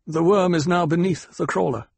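A man's voice: high voice, moderate pace, gravelly, breathy edge, no room sound, pitched above the performer's own voice, exaggerated voice. A man voicing a grave, formal desert ecologist who speaks in a solemn murmur.

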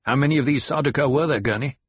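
A man's voice: medium pitch, quick pace, breathy edge, no room sound, voice pushed up, close to an everyday voice. A man reading an audiobook, voicing a young duke who barks commands at armed fighters. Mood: stern. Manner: commanding, shouting orders. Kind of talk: audiobook character voice.

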